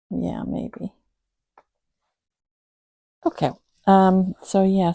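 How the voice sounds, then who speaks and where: A woman hosting a channel, chatting gently to her cats and then reading a psalm aloud. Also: medium pitch, takes it slowly, pauses often, no echo. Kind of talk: casual chat then slow Bible reading. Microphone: phone camera, later set down.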